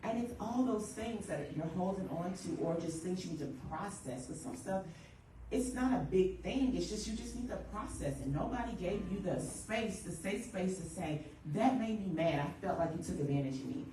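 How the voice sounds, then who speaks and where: A woman grief counselor leading a church workshop, talking in a lively way and acting out quick everyday quotes. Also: fairly low pitch, slight background noise. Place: church hall. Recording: echoey room, voice from far off.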